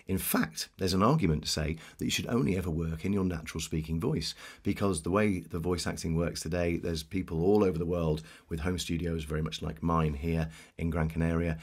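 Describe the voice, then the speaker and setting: A man's voice: deep voice, husky. A man who works as a voice actor, chatting casually from his home studio and keen to slip into accents. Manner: chatty and eager to switch into accents. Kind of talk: casual chat about voice acting.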